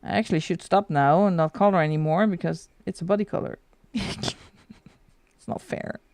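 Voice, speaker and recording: Chatting casually as she colors on a livestream, a middle-aged Dutch woman rambles, replies to her chat, and laughs frequently. Her lowish voice moves at a moderate pace and is a little mellow, with no room sound.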